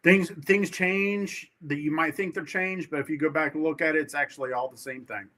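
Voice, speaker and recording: Man, sales rep guest, slightly high voice, eager, stumbles and restarts. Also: steady tone, brisk, pushed and bright. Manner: eager, stumbling restarts, acts out client calls. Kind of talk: casual chat.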